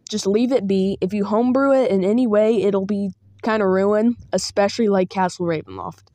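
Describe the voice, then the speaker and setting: A woman's voice: mid-range voice, moderate pace, mellow, dry recording. A woman giving a casual spoken guide as a tabletop game master, chatty and meandering with small asides.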